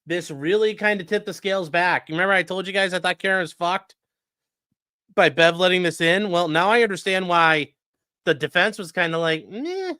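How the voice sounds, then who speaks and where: Guy streaming, high lively voice, dry close mic, joking around n doing goofy voices. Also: brisk, clear, resonant tone, no room sound. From grew up in a rural area. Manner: jokey, animated, mock voices and sudden yells. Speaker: livestream host reacting to a trial. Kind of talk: casual livestream commentary.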